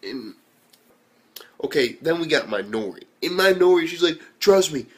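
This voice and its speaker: A young man giving a casual anime review, animated and swearing freely as he retells scenes. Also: fairly high pitch, moderate pace. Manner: animated, swears a lot, acts out quotes.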